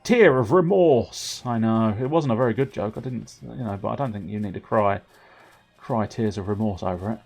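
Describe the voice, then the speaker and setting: A man's voice: lowish voice, steady tone, fairly quick, vocal fry, a little mellow. A man streaming a game, rambling through self-mocking, sweary commentary at his desk mic. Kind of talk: casual gameplay commentary.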